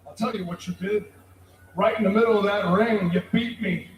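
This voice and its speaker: A male pro wrestler cutting a menacing, deliberate arena promo that bursts into shouts. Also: high-pitched, steady tone, slight background noise. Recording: echoey arena from far off.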